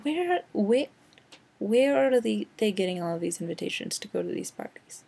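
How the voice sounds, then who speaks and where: A young woman rants to camera about a movie she just saw. Her mid-pitched voice keeps sliding into a gravelly vocal fry. She is sarcastic and rambling, with "like" in nearly every sentence. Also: animated, normal speed, dark tone. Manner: sarcastic, rambling, heavy use of "like". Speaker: vlogger. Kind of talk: casual movie rant.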